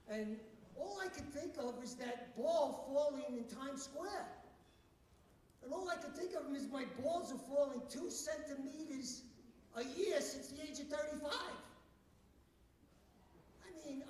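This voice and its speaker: High-pitched man cracking wry jokes. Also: darkish tone, slight background noise. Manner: wry, self-deprecating punchlines. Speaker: stand-up comedian. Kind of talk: stand-up set. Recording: echoey room, far from the mic.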